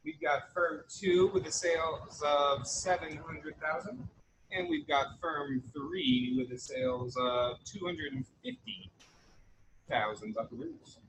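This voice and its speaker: Young male econ lecturer, bright voice, casual with jokes, faint hiss under a computer mic. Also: fairly high pitch, big pitch swings, slow, poor audio. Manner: chatty, jokey asides, frequent "right?". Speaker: college economics instructor. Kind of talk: casual recorded online lecture.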